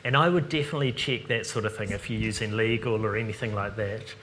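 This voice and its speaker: Kiwi man presenting a tech seminar, relaxed and chatty, light noise behind. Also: lowish voice, fast talker. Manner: casual, chatty, lots of ums. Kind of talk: live seminar Q&A.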